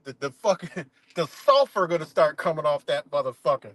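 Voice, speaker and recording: A man's voice: a little high, brisk, hardly any pauses, dry recording. A man hosting a livestream, ranting in an aggressive, profane and mocking way. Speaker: livestream host.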